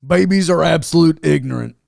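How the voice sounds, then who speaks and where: A man voicing a know-it-all cowboy with a strongly gravelly, fry-heavy voice that sits a little high. He talks in a deadpan, matter-of-fact way in an improvised comedy scene. The sound is dry and close. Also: brisk, dry recording. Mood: mocking.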